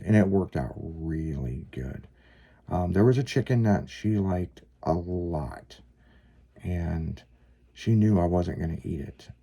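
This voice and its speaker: Very deep-voiced man telling a rambling story. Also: creaky, mellow, husky. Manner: rambling, lots of fillers, casual swearing. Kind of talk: casual chat, personal anecdote.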